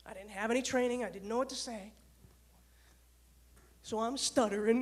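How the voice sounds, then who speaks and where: Lively woman speaker. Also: on the high side, moderate pace, long pauses. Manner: lively storyteller, addresses audience with questions. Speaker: speaker, former dispatcher and leadership coach. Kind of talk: motivational talk with stories.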